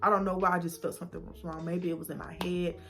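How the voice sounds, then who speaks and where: A woman's voice: lowish voice, flat delivery, quick pace, creaky, a bit bright, soft background music. A young woman in a personal vlog, retelling a hard experience with feeling, acting out what people said and sometimes dropping to a whisper. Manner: emotional retelling, acting out quoted dialogue, drops to whispers. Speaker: vlogger.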